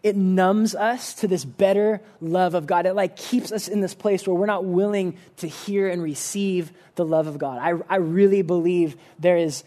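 This man's voice sits high and steady with a dark tone, and he speaks at normal speed with hardly any pauses. He's preaching an earnest, informal sermon in a church service room, frequently restarting sentences and saying "like."

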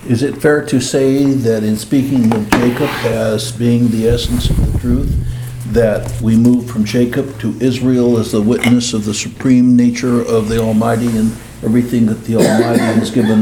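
A man's voice: medium pitch, level tone, normal speed. A man in a class, asking the teacher a long, careful question. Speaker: class participant. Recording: echoey room with background noise.

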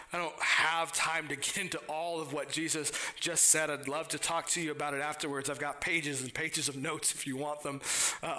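A man's voice: fairly high pitch, pushed and bright. A man preaching a sermon in a conversational way, with frequent restarts and playful asides. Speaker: pastor.

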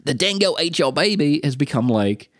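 A man from the United States co-hosting a podcast, telling a story in a lively way and acting out the quotes. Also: a little high, normal speed, no echo, studio quality. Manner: animated storyteller, acts out quotes. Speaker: podcast co-host. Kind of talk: casual podcast chat.

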